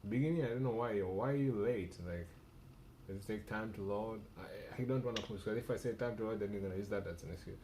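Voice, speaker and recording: Male sales coach reviewing a cold call on a stream. Fairly low voice, blunt and emphatic, repeats his points, faint noise behind. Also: quick pace, a little mellow.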